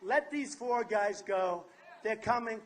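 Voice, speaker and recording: A man giving a campaign rally speech at an outdoor fair, boastful and repetitive, often shouting his points. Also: sits high, slow, a little hiss or hum. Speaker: political candidate.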